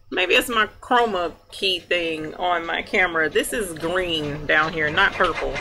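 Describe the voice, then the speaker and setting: Woman host, chatty live-stream greeter, laughs a lot, embroidery machine humming loudly behind her. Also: fairly low pitch, animated, moderate pace, few pauses. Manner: chatty, greets viewers by name, laughs often. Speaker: livestream host. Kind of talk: casual live chat with viewers. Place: workroom with embroidery machine running. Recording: clear machine hum behind voice. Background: embroidery machine noise.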